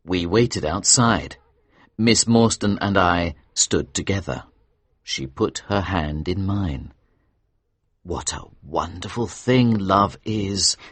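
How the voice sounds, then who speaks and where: A man reads a story aloud slowly and expressively for English learners. His voice is lowish and husky, with lively intonation. The recording is close and dry. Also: no room sound. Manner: slow, clear and expressive.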